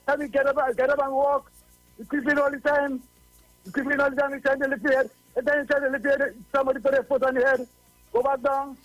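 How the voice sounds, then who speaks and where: A man's voice: very high voice, a bit bright, no room sound. A man with a Trinidadian accent calling in to a radio show, preachy and repeating himself for emphasis. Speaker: radio caller. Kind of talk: call-in radio talk. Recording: dull lo-fi call-in line.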